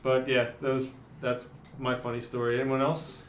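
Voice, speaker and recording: A man's voice: mid-range voice, completely flat delivery, moderate pace, a little hiss or hum. A man hosting a podcast, laid-back and joking, passing turns to the others. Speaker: podcast host. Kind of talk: casual podcast chat. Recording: echoey room.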